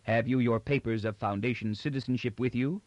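A man voicing a huge, curt lieutenant who speaks with a dangerous softness, in a dull, dry recording. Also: medium pitch, a little fast, dry recording, natural voice. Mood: menacing. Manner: soft, curt, menacing. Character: dark giant male lieutenant, dangerously soft-spoken.

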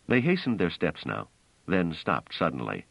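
A man narrating an audiobook in a measured, expressive reading style. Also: low voice, creaky, dry recording, highs cut off. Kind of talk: scripted narration.

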